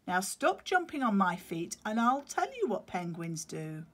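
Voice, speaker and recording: A woman's voice: mid-range voice, sing-song, unhurried, a bit bright. A woman reading a story aloud, voicing a fussy, protective father penguin who scolds and explains. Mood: fussing.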